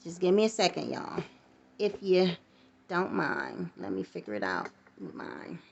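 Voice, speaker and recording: A woman's voice: lowish voice, very animated, unhurried, creaky, dull audio. A middle-aged woman talking candidly into her phone on a tripod, reflective and blunt, swearing at times. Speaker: vlogger. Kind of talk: casual personal monologue.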